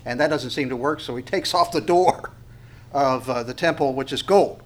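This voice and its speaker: A man's voice: mid-range voice, normal speed, slight background noise. A male pastor giving a conversational Bible teaching, full of fillers and restarts, with wry asides and sharper emphatic bursts on key points.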